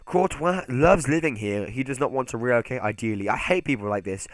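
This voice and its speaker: A man talks through his gameplay in a casual, chatty way, speaking straight to his viewers. His voice sits in an ordinary middle pitch. The sound is close and dry, with no room echo. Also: expressive, a little fast, hardly any pauses. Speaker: gaming channel host.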